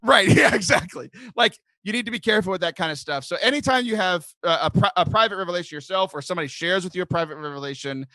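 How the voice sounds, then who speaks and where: Hoarse, lively man hosting a podcast. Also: sits high, fast, few pauses, no echo. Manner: earnest, animated, heavy use of "like". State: losing his voice. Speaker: podcast host. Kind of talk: casual podcast chat.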